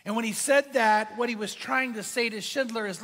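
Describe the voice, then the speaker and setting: A man's voice: moderate pace, fairly bright tone, big-room sound. A man preaching a sermon as pastor, his voice swinging up and down for emphasis. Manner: impassioned preaching, pitch and volume swinging for emphasis.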